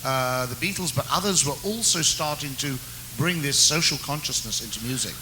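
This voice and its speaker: A man's voice: a little high, animated, normal speed, noisy background. A man interviewing a guest, asking long questions that stop and restart along the way. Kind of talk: conversational interview.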